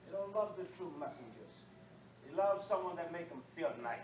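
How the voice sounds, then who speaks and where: Preacher, male, high voice, fiery call-and-response sermon, recorded far off in an echoey room with faint noise. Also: lively intonation, normal speed. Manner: preaching with call-and-response, swinging from low talk to shouting.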